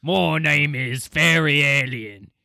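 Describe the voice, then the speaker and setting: A cheeky fairy alien voiced by a man with a hammy mock British-Australian accent. He drawls his greetings slowly and swoops far up in pitch. The delivery stays brash throughout. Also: creaky, bright, forceful tone, dry recording, clean studio sound, heavily acted. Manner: jokey, drawn-out greetings.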